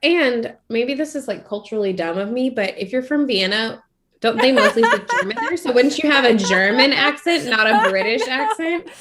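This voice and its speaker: A woman's voice: a little high, expressive, moderate pace, very noisy. A woman co-hosting a podcast, chatting casually and gossiping with a friend, laughing often. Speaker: podcast co-host. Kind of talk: casual chat.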